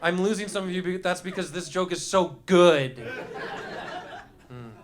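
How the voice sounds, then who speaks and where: A high-pitched man on a comedy club stage, talking into a handheld mic. He rambles loosely through his bits and riffs with the audience, slipping into quick character voices. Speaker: stand-up comedian. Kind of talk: live stand-up with crowd work. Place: comedy club stage before a laughing crowd.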